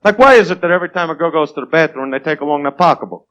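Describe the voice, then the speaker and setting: A man's voice: fairly high pitch, rapid-fire, muffled recording, noisy background. A man doing a crude, swaggering stand-up routine who keeps asking the crowd "right?", heard on an old 1980s TV tape. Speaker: stand-up comedian. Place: comedy club stage.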